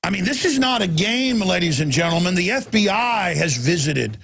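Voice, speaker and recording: A man hosting a talk radio show, ranting intensely and swinging from shouts to low, urgent tones. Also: very animated, normal speed, vocal fry, slightly rough. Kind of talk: impassioned talk radio monologue.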